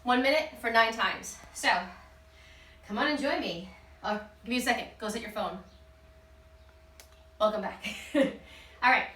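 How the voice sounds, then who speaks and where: A woman's voice: a little high, animated, unhurried, long pauses, bright, forceful tone. A woman leading a follow-along workout, out of breath, counting reps aloud and cheering the class on. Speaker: fitness instructor. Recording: roomy sound from a distance.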